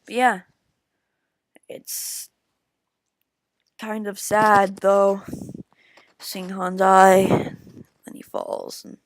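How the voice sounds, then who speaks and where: A woman talks through a film review at a slow, unhurried pace, stumbling over restarts as her excitement runs ahead of her words. She keeps turning to her viewers as guys. Her voice sounds dry and close, with no room around it. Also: mid-range voice, no room sound. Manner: rambling, halting with many restarts. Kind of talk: casual video review.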